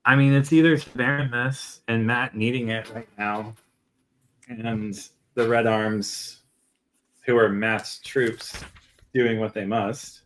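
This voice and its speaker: A man co-hosting a casual book-club show, calmly weighing theories and adding short agreeing comments. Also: medium pitch, slight background noise, poor audio. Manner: calm, analytical, short agreeing interjections. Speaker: podcast co-host.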